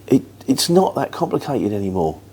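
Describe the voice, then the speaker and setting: A man's voice: mid-range voice, sing-song, moderate pace, darkish tone, breathy edge. A middle-aged man from England with a London-tinged accent, answering viewer questions in a chatty, rambling, matter-of-fact way. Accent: London-influenced Luton English. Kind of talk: casual chat.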